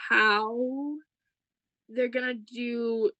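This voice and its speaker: Brief: young woman, high voice, dry close sound, excitable podcast co-host chatting with a friend. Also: very slow, dry recording, poor audio. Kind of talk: casual chat.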